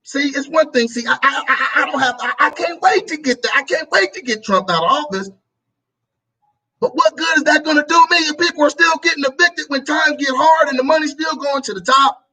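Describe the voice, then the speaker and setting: In a low-quality recording, a talk show host with an extremely high-pitched, bright, forceful voice moves briskly through a preachy political monologue. He keeps repeating his phrases and acts out each side of the debate.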